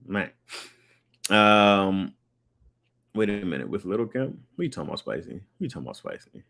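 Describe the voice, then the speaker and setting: A young man hosting a loose livestream chat. His voice sits low but swings up high when he gets excited. He talks in slang, stretches words for emphasis and laughs often. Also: moderate pace, vocal fry. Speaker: livestream host reading chat.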